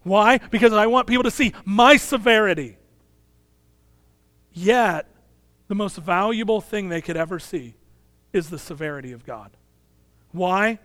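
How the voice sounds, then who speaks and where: A pastor in his thirties preaches with a high, light voice, earnest and pressing, then sinks quiet on the lines he wants to land. The sound is dry and close, with no room around it. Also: no room sound. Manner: earnest preaching, dropping soft on key phrases. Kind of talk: sermon.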